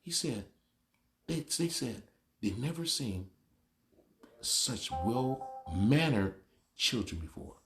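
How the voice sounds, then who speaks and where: Gravelly, animated man telling stories. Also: mid-range voice, measured pace, long pauses, over music. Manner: animated, storytelling, opinionated. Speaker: vlogger. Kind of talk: casual monologue.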